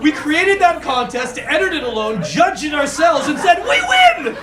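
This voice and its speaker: High-voiced animated stand-up comedian man. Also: normal speed. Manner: animated, ranting punchlines, acts out friends' voices. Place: comedy club stage with audience laughter. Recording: echoey club room with crowd noise.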